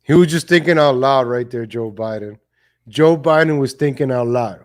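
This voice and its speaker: A livestream host with a mid-range voice, speaking at normal speed, gives blunt, casual political commentary. He curses and laughs often.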